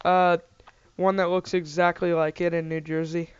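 A man's voice: on the high side, little pitch movement, normal speed, clean tone, dry recording. Casual rambling man, jokey banter, dry close recording. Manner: rambling, jokey, lots of fillers. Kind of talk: casual chat. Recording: dull, slightly lo-fi dry mic.

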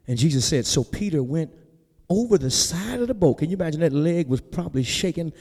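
A pastor preaching a sermon in a folksy, conversational way, building to near-shouts and then dropping soft. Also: male voice, a little high, expressive, brisk, long reverb tail. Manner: folksy, conversational, talks straight to the congregation. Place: church sanctuary.

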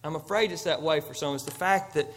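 A male pastor preaching a conversational, emphatic sermon that swings from loud to soft. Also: fairly high pitch, quick pace.

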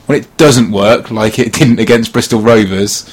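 A man's voice: on the low side, moderate pace, breathy edge. A man co-hosting a casual football podcast, chatting with dry, wry humor. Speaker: podcast co-host.

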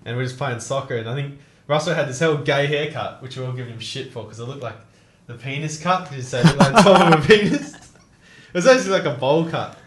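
A man's voice: mid-range voice, a little fast, reverberant. A young man telling stories in casual chat, laughing and swearing often. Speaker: co-host.

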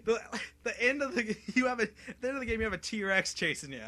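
A young man co-hosting a casual podcast about video games, excitable and laughing often as he tells stories. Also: high-pitched, fast talker. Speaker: podcast co-host.

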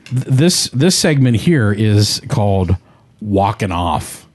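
A man's voice: on the low side, sing-song, slow pace, darkish tone. A man hosting a comedy podcast in a studio, wisecracking and steering the segment. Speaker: podcast host. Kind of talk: casual comedic chat.

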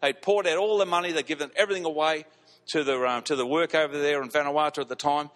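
A fairly high-voiced man preaching to his congregation, telling stories with lively emphasis and repeating key phrases. His voice rings out with a long hall reverb around it. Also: fast. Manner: animated, repeats lines for emphasis, laughs at his own stories. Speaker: pastor. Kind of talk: storytelling sermon. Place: church hall.

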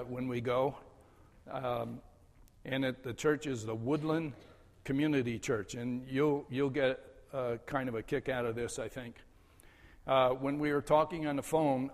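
Older pastor with halting speech in a reverberant church. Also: male voice, medium pitch. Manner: slow and halting, with frequent "uh" fillers and chuckles. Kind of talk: farewell address from the pulpit. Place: church sanctuary.

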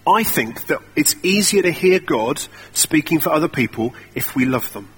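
A man's voice: on the high side, animated, moderate pace, fairly bright tone, slightly rough. A young man preaching a sermon in a conversational, self-deprecating storytelling way.

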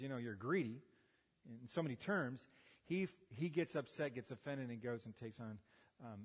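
An American pastor in his fifties preaches in a church sanctuary, his mid-range voice slightly rough and trailing a long reverb. Speaking into a handheld or headset mic, he tells folksy stories and pokes fun at himself.

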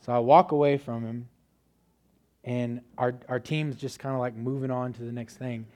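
A male preacher telling a story from the pulpit in a loose, conversational way. He leans on filler words as he talks, and his voice sits in an ordinary middle pitch. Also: fairly even intonation, moderate pace, darkish tone. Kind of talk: casual sermon testimony.

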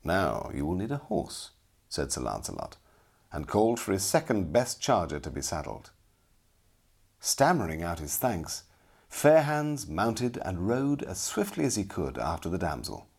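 Husky-voiced male storybook narrator. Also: deep voice, a little slow. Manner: expressive, dramatic storytelling.

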